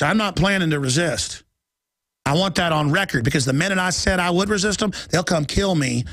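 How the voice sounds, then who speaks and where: A middle-aged man hosting a political talk radio show, ranting urgently and reading headlines aloud in quick bursts. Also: sits high, fairly bright tone, no echo. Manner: urgent, alarmed, rapid-fire ranting.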